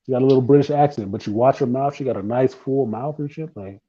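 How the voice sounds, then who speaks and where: A man's voice: mid-range voice, fast, breathy edge, muffled recording. A man co-hosting a live talk stream, telling crude, laughing stories in casual banter. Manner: crude, laughing, animated storytelling. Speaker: podcast co-host.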